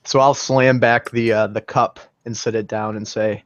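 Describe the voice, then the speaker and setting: A man's voice: lowish voice, little pitch movement, moderate pace, hardly any pauses, dry recording, highs cut off. A man playing a tabletop game who describes his character's actions and then speaks in character. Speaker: player. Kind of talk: in-character tabletop role-play.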